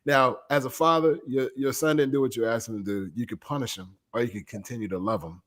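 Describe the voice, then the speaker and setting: A father co-hosting a podcast, telling a lively story in casual chat and acting out the family dialogue. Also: mid-range voice, fast.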